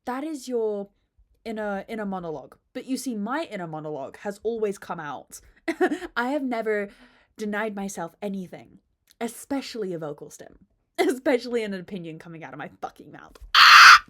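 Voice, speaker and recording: A woman's voice: mid-range voice, big pitch swings, moderate pace. A woman hosting her own podcast, chatting to a phone camera at home with unfiltered, dramatic swings and lots of swearing. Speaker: podcast host. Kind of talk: casual chat to camera.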